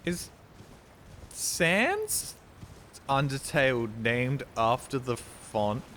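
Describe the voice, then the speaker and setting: A man's voice: fairly low pitch, moderate pace, a little hiss or hum. A man streaming a video game, rambling casually to his chat and swearing freely. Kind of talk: casual gameplay commentary.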